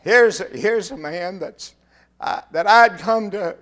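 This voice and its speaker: An older man with a drawl preaches from the pulpit, his voice sitting a little high for a man. He stumbles over repeated words and small fillers, then builds into fervent, rousing calls to his listeners. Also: fairly bright tone. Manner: halting restarts, rising to fervent exhortation. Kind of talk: sermon.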